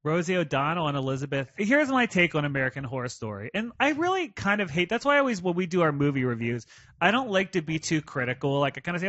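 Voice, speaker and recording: A man's voice: on the high side, sing-song, fast talker, a bit bright, dry recording, muffled recording. A man co-hosting a podcast in casual chat, musing and trailing off as he thinks. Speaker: podcast co-host.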